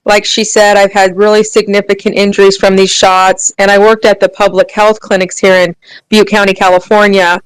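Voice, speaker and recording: A woman's voice: medium pitch, flat delivery, moderate pace, clear, resonant tone, no echo, poor audio. A woman speaking as a guest in a live audio chat, earnest and indignant, with frequent fillers. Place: remote live audio room.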